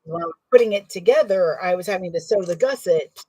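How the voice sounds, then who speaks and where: Husky, slightly low woman, chatty and rambling, for a sewing tutorial. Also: quick pace, warm tone, no room sound, recorded from a distance, poor audio. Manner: chatty, rambling, self-correcting while working. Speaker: bag maker demonstrating sewing. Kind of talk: casual sewing tutorial chat.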